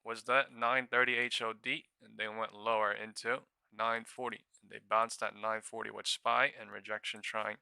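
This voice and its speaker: A young man hosting a live stock trading stream, swearing freely and breaking into shouts and laughter between quick market calls on a new studio mic. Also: on the low side, flat delivery, creaky, clear, resonant tone, no room sound. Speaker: day-trading livestream host. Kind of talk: excited live trading commentary.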